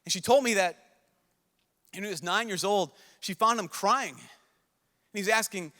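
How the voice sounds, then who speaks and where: A man's voice: sits high, moderate pace, sharp tone. A young man, a priest, giving an earnest, pleading sermon at a youth conference, repeating himself as he talks. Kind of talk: emotional sermon to a large crowd. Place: large conference hall. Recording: long hall reverb.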